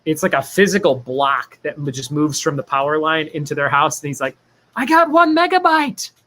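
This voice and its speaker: A man's voice: a little high, steady tone, a little fast, bright, forceful tone. A man hosting a casual livestream trivia game, joking, laughing often and reading viewer chat aloud.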